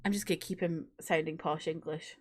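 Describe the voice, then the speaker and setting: A woman's voice: deep voice, steady tone, fairly quick, noisy background. A woman gaming streamer chatting in amused asides during a playthrough. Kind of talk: casual playthrough commentary.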